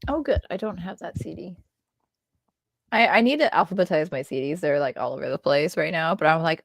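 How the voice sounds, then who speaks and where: Giggly young woman, very lively pitch. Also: creaky, no echo. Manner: giggly, lively, quick reactions. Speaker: guest, friend of host. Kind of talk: casual livestream chat.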